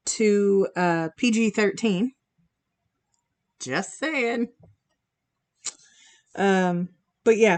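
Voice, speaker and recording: This woman speaks at a medium pitch with a clear, resonant tone. While painting on her charity livestream, she chats easily with the chat, reacting to viewer comments and giggling along the way.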